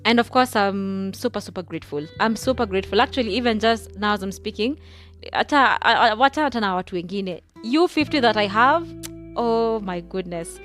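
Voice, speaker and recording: A woman's voice: mid-range voice, brisk, fairly bright tone, faint music behind. A young woman with a Kenyan accent hosting her own podcast, talking in a chatty, effusive way and mixing English with Swahili. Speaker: podcast host. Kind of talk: casual solo podcast monologue.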